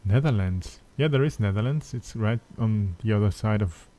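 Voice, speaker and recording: A man's voice: on the low side, moderate pace, dark tone. A man with a German accent hosting a podcast in casual chat, hesitant with many fillers and restarts. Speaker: podcast host.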